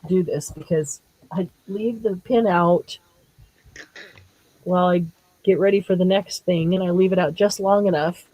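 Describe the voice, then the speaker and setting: A woman's voice: lowish voice, dark tone, poor audio. A woman hosting a craft livestream, chatting casually with viewers and laughing often as she reads their comments. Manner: giggly, laughs often while talking.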